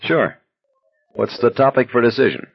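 A man voicing a troubled, worn-down young man who talks quietly and sardonically. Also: mid-range voice, expressive, normal speed, gravelly, breathy edge, highs cut off, voice pushed up. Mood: amused.

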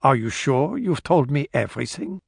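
A man doing a calm, coolly menacing killer. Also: mid-range voice, gravelly, breathy edge, dry recording, studio quality, exaggerated voice. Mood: coldly menacing. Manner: slow, quiet, coolly menacing. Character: cold, calm male interrogator and killer.

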